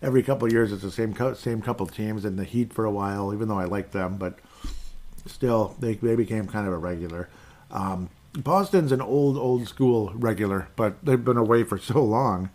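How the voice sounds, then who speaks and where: A man's voice: on the low side, normal speed, a little mellow. A man hosting a podcast, giving rambling and opinionated fan commentary in casual sports talk. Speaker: podcast host.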